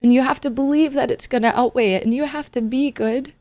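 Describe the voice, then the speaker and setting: A woman's voice: sits high, steady tone, a little fast, a little mellow, no room sound. A woman streamer talking earnestly and casually to her chat, rambling and soothing with the odd joke.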